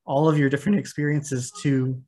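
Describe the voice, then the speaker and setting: A man moderating a panel over a video call, at an ordinary middle pitch. He frames ideas in an academic way, pausing on fillers as he goes. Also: level tone, darkish tone. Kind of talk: panel discussion.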